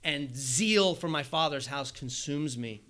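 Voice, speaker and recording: A man preaching a sermon, animated, acting out little dialogues with asides. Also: on the high side, a little slow. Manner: animated, acts out quoted exchanges with asides and laughs. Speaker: pastor.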